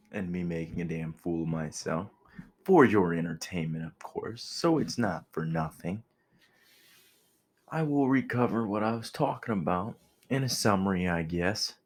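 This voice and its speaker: Blunt, profane young man talking. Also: on the low side. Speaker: vlogger. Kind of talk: casual motivational monologue.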